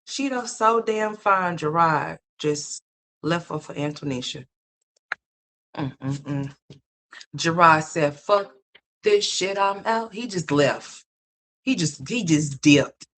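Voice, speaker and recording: Bright-voiced, blunt, mocking commentary host. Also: mid-range voice, animated, takes it slowly, long pauses, slight background noise. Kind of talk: opinion commentary on online drama.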